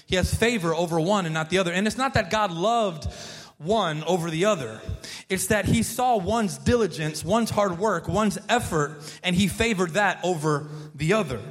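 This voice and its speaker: A man with a high voice preaches to his congregation in a church, loose and conversational, tripping over and repeating words as he goes. He calls out for the people to answer back, and his voice rings with a long reverb. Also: normal speed. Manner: prompts the congregation to respond. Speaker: pastor. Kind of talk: sermon. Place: church sanctuary.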